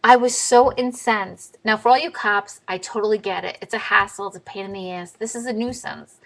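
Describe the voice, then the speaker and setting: A woman tells a story to camera in a casual vlog. She is blunt and swears freely. Her delivery is animated, with a lot of back-and-forth. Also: mid-range voice, fairly quick, gravelly, low-quality recording. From New York. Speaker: vlogger.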